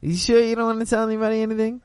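A man's voice: sits high, steady tone, racing, darkish tone, clear, resonant tone, no room sound. A young man hosts a casual late-night show. He rambles loosely and keeps asking "you know what I'm saying". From the Bronx, New York. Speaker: host.

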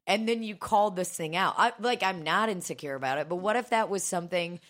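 A woman talking fast and laughing often while she co-hosts a casual, joking chat. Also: lowish voice, a bit bright.

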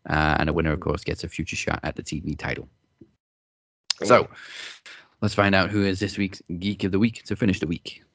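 A man with a very deep voice hosts a casual podcast, laid-back and a little hesitant. The sound is close and dry. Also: steady tone, brisk, pauses often, fairly bright tone, dry recording. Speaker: podcast host. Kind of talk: casual chat.

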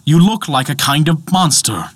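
A mighty thunder god speaks with commanding indignation, as a man puts him on for a told myth. His pitch runs lively and sits a touch high. The recording is close and dry. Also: moderate pace, no room sound. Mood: mocking.

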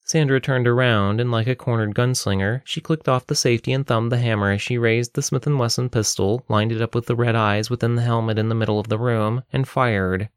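A man reading an adventure story aloud in a steady, measured way. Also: medium pitch, clean tone, no room sound, clean studio sound. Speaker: narrator.

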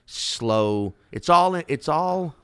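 A man's voice: on the high side, animated, very slow, smooth, no echo, studio quality. A man from the New Orleans area in his thirties, a comedian rambling and swearing in casual podcast chat. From New Orleans area, Louisiana. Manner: rambling, profane, laid-back.

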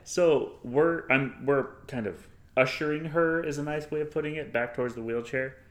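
A man telling a family story in a relaxed, easygoing way during a casual podcast chat. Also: on the high side, normal speed, roomy sound, a loud crowd. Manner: easygoing, laid-back storyteller. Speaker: co-host, father.

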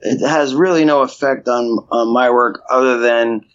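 A man's voice: mid-range voice, fairly even intonation, normal speed, a bit bright. A man talking casually as an interview guest, rambling with many restarts and repeated fillers. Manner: rambling, restarts, frequent "you know". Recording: dull lo-fi sound.

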